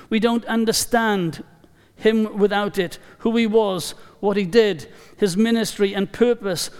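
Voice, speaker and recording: A man preaching a sermon in a church, emphatic and deliberate, repeating key phrases for weight. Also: high voice, smooth. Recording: long reverb of a large hall.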